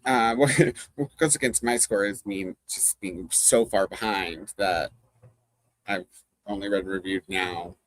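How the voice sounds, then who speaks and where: A livestream host with a low voice chats casually with live viewers at a measured pace. They ramble, laugh often and read comments aloud. The recording is dry.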